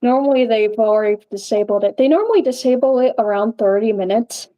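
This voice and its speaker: A young woman with a high, mellow voice chats slowly and loosely through a live-stream Q&A. She rambles from thought to thought and laughs often as she answers. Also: lively intonation, highs cut off.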